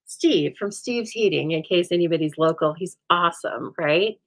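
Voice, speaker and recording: Female craft host, lowish voice, animated, rambling talker, live from her home craft room. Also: moderate pace, low-quality recording. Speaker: host of a live stamping show. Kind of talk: chatty live crafting demo.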